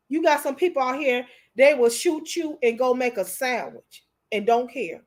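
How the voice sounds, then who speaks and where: High-voiced woman hosting a livestream. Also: normal speed, hardly any pauses. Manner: emotional, candid, talks straight to viewers. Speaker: YouTube show host. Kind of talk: casual commentary livestream.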